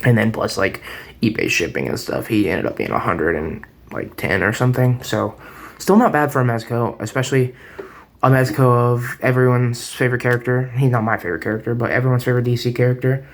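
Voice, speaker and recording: A man's voice: mid-range voice, brisk. A man giving a casual toy review at home, chatty and rambling, often restarting his sentences, recorded on a camera set on a table. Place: home room.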